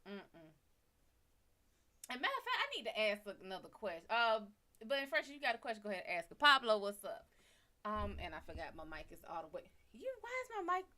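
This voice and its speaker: A woman hosts tarot on a live stream, chatting loosely, swearing freely and addressing viewers by name. Her medium-pitched voice has huge pitch swings and a sharp tone, and she talks a little fast. She often turns away from her desk mic, so her voice drifts off it.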